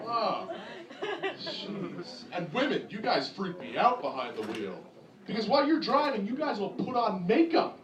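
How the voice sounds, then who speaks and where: A young New Jersey comic with a high, bouncy delivery that leaps all over his range, crude and sarcastic as he slips into mock voices. He is caught from the back of an echoey club, the stage mic distant, with a crowd laughing loudly throughout. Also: wildly swooping pitch, measured pace. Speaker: stand-up comedian. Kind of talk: stand-up comedy set. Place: comedy club with a laughing audience.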